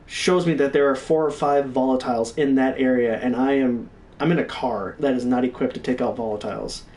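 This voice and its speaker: A young man telling gaming stories in a casual, profane, animated way. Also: mid-range voice, brisk, recorded from a distance. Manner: profane, animated, reenacts his own yelling. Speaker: stream co-host. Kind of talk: casual storytelling.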